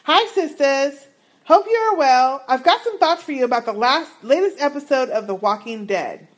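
A woman's voice: high-pitched, lively intonation, moderate pace. A woman co-hosting a casual podcast, reading listener emails aloud and adding her own comments. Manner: reads emails aloud with asides and laughs.

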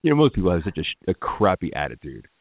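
Lively deep-voiced host on a tinny line. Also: male voice, fast talker, no echo. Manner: lively, laughs often, stumbling repeats. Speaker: radio show host. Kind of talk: casual interview. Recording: tinny phone-like line, dry.

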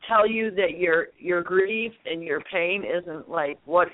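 A woman calling into a radio show, talking in a halting way with many fillers. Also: lowish voice. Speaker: caller. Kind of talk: call-in radio talk. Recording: tinny phone-line audio.

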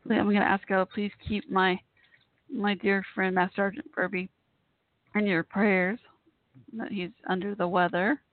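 A woman's voice: medium pitch, flat delivery, normal speed, pauses often, no echo. A woman hosting a live call-in show, chatting in a rambling, friendly way with lots of fillers and restarts. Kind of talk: casual live chat show. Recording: tinny phone-line sound, dry.

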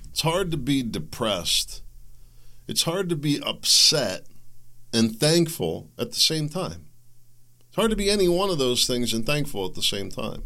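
A man's voice: mid-range voice, sharp tone. A man hosting a solo commentary podcast, talking in heated rants full of repeated words and self-interruptions, sometimes mocking the other side in sarcastic asides. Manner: sarcastic, mimics opponents. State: coughing. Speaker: show host.

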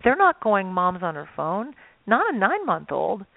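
Animated woman guest on a phone line. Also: medium pitch, normal speed, vocal fry, dry recording. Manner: animated storyteller, acts out voices. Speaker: guest expert. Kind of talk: radio interview.

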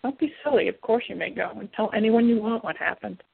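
Woman reader doing a calm male demon, measured, husky, gravelly, phone-like tone. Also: mid-range voice. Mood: reassuring. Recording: tinny phone-like, dry.

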